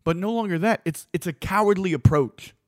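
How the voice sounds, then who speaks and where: A man delivering a blunt, opinionated monologue as a host, swearing freely and getting animated. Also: high voice, brisk, no echo, clean studio sound.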